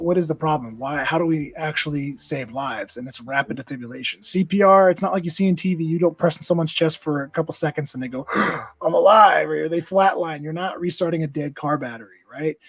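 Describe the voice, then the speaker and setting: A man's voice: a little high, gravelly, breathy edge, no room sound, rough recording. A man guesting on a podcast, telling an emotional personal story in an earnest, intense way, often repeating words when stirred. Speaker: podcast guest, nonprofit founder.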